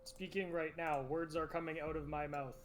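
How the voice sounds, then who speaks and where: A man's voice: on the high side, fairly even intonation, normal speed. A man playing a tabletop role-playing game in an easygoing, mild way. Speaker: player.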